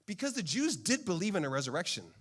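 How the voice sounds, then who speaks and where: A male pastor preaching a sermon in a playful, animated storytelling manner. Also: high-pitched, quick pace, slightly rough.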